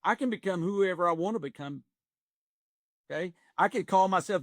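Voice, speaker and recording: Earnest man in his sixties, higher voice. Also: a little fast, fairly bright tone, no echo, clean studio sound. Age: 60s. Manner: earnest storytelling with folksy phrasing. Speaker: executive coach. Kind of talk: podcast interview.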